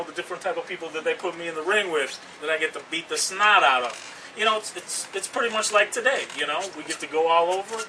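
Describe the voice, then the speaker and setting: A boastful man delivers a wrestling promo interview with a high, piercing, tense voice. He trash-talks with swagger. The mic sits some way off, with a faint hiss behind him. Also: bright, forceful tone. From Canada. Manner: cocky, boastful, trash-talking. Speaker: pro wrestler. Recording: distant mic with background noise.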